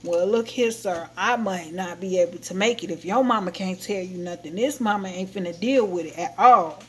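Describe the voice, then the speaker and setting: A woman's voice: lowish voice, moderate pace, fairly bright tone, a little hiss or hum. Woman, livestream host, blunt, heated, casual chat. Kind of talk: casual venting chat to viewers.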